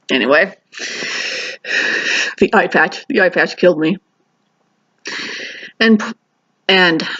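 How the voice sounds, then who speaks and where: In a slightly bright, mid-range voice, a woman talks through her review of a TV episode with chatty enthusiasm, frequently starting sentences over and drifting into tangents. The audio is somewhat dull and lo-fi.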